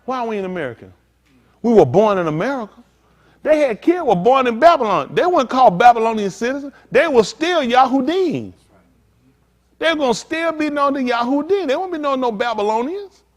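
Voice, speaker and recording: Animated high-voiced preacher in a hall. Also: male voice. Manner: lively preaching with call-outs to listeners, acted asides and drawn-out lines. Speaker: pastor. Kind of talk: sermon.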